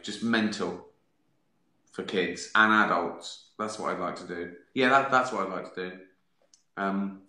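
A man's voice: on the low side, pushed and bright, roomy sound. A man hosts a casual live stream from home, answering viewer questions in a sardonic, swearing, rambling way. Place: at home, sitting with a beer.

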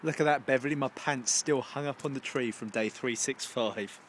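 A man's voice: medium pitch, normal speed, heavy background noise. A young man talking casually and playfully to his handheld camera in a daily vlog, teasing the people around him. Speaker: daily vlogger.

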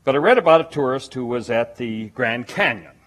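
A man preaching a sermon, storytelling with lively emphasis. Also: mid-range voice, a little fast.

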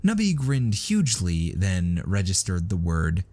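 Deep-voiced man narrating a story. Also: unhurried. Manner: steady storytelling read. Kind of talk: scripted narration.

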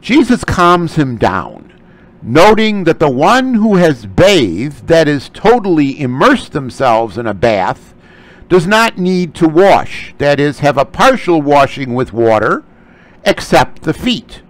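A man's voice: fairly high pitch, poor audio. A man teaching a scripture lecture, explaining Greek terms closely. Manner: slow, animated delivery. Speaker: Bible study teacher.

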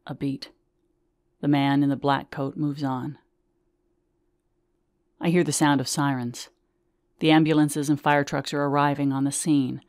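A woman reading her memoir aloud, telling it in measured, vivid first person. The recording is dry and close, with no echo around her voice. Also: deep voice.

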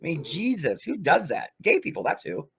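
A man's voice: on the high side, sing-song, normal speed, creaky, fairly bright tone, breathy edge. A man hosting a livestream, ranting in a profane, combative way. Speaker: livestream host.

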